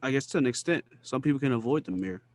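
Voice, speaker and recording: A man's voice: medium pitch, animated, very fast. Earnest man talking on a podcast. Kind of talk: casual conversation.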